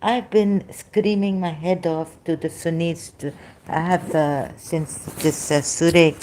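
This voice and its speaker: A woman's voice: low-pitched, steady tone, takes it slowly, mellow, slight background noise. A woman arguing religion in a dramatic, self-interrupting way with frequent apologetic asides. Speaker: ex-Muslim debater. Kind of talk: heated religious debate.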